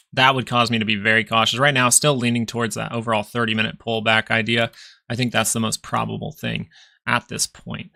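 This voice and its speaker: A man's voice: mid-range voice, gravelly, pushed and bright. A young man hosting a live stock market stream, casually thinking aloud as he reads charts. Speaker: stock market livestream host. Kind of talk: live chart analysis commentary.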